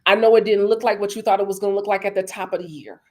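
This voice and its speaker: A woman hosting a motivational talk, speaking emphatically and with lots of repetition, calling her listeners y'all and baby, and softening her voice when she acts out conversations. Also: mid-range voice, fairly even intonation, racing. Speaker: host.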